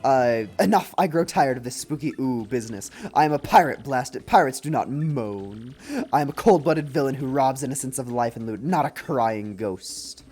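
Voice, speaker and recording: A man's voice: mid-range voice, moderate pace, a little mellow, lightly acted. A man doing a blustering ghost pirate king. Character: boastful cold-blooded ghost pirate king villain.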